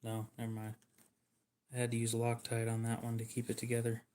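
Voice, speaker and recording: A man chatting casually on a livestream while showing knives for sale, speaking in a flat monotone. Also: medium pitch, brisk, slight background noise. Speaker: livestream knife seller.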